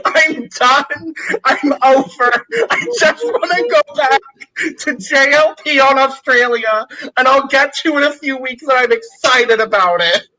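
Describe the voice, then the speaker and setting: High bright-voiced man co-hosting a podcast. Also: animated, unhurried, rough recording. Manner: candid, frank complaining. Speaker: podcast co-host. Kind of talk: casual podcast chat.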